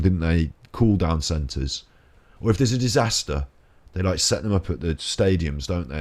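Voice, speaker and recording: A British gaming channel host with a low, darkish voice gives chatty, rambling let's play commentary, joking and laughing often as he plays.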